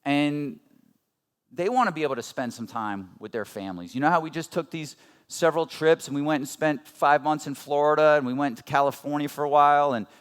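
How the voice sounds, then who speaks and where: A man's voice: fairly high pitch, brisk, smooth. A man in his thirties giving a motivational seminar talk, earnest and conversational, asking the audience rhetorical questions. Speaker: motivational speaker at a business seminar.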